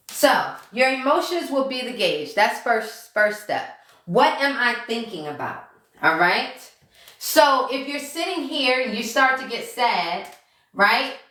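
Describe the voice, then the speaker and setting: A woman with a raised, bright, forceful voice teaches mindset steps to her followers. She repeats every key point and tags nearly each line with "okay?" or "right?", sometimes acting out her inner thoughts. The sound is roomy, recorded in an echoey room at home. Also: on the high side. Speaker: mindset coach. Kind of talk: casual self-help lesson to followers.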